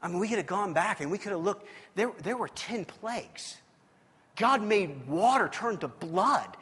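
A man with a strikingly high voice delivers a sermon in a relaxed, conversational way, teasing himself and tossing in lively asides. His voice rings out with a long tail of reverb from a large church hall. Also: normal speed, breathy edge. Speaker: pastor.

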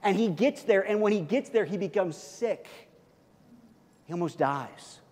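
A male pastor delivers a sermon in an easygoing, storytelling way, full of fillers, restarts and repeated words. His voice sits high. The sound carries the long reverb of a church hall. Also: unhurried. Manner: conversational, animated storytelling with many fillers and repeats.

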